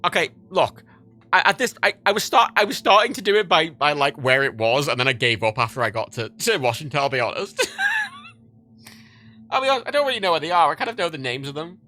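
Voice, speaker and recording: A man's voice: a little high, lively intonation, fairly quick, bright, forceful tone. A young man with a Liverpool accent, rambling and swearing casually on a livestream while reading chat, laughing often. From England.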